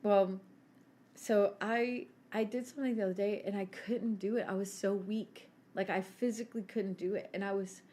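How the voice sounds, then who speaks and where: A woman in her forties with a mid-range voice who tells stories the way you'd tell them to a friend. She's brash and quick to laugh, swears freely, and keeps chatting in a loose, unpolished way. A faint hum of ambient noise sits behind her. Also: medium pitch, fairly even intonation, mellow. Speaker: podcast co-host. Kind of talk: casual storytelling chat.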